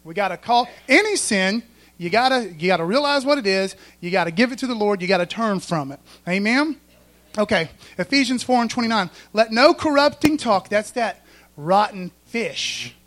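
A man's voice: high-pitched, expressive, moderate pace, a bit bright. A male preacher, preaching a folksy sermon in church and often asking the congregation if they follow.

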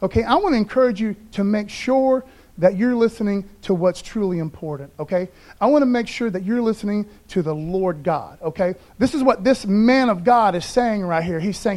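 A man's voice: high voice, animated, brisk, darkish tone. A man preaching a sermon as pastor, casual and conversational, reading scripture aloud and stumbling over names. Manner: casual, conversational preaching with frequent "okay, guys". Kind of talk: streamed Sunday sermon.

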